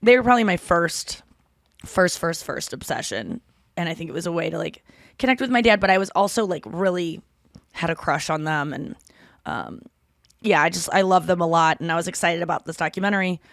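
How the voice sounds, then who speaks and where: Brisk and animated, this podcast host is a woman in her thirties with a lowish voice and vocal fry, rambling through a casual, chatty conversation and cursing freely. The studio-quality sound has no room noise at all.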